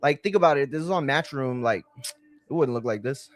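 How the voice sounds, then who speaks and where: A man hosts a live watch-along stream in clean studio sound with no room sound. His mid-range voice moves at normal speed as he chats casually, rambles through slang-filled stories and keeps saying "bro".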